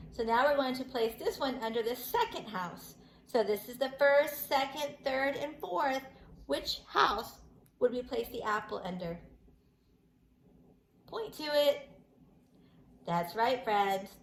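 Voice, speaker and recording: A woman's voice: a little high, reverberant, a little hiss or hum, low-quality recording. Sing-song preschool teacher woman. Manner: slow, sing-song teacher talk to small children. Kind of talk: online preschool lesson. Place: home room.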